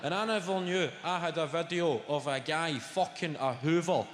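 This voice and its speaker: A man's voice: a little high, normal speed, slight background noise. A young Scottish man performing a brash, sweary stand-up routine, telling stories on a theatre stage into a handheld mic. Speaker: stand-up comedian. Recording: roomy venue, loud audience laughter.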